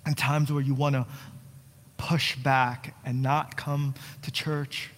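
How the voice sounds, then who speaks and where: A young male pastor from New Jersey preaches in a relaxed, conversational way, breaking into light jokes before turning earnest and pleading. His mid-pitched voice rings out with a long reverb tail from a church hall. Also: slow pace. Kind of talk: sermon. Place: church sanctuary.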